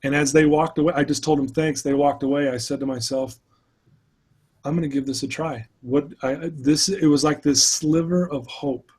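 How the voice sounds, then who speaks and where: Husky man telling his story earnestly. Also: on the high side, fairly even intonation, normal speed, hardly any pauses, a little mellow. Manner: earnest, candid recounting of struggles. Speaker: speaker and addiction mentor. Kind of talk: personal storytelling in an interview.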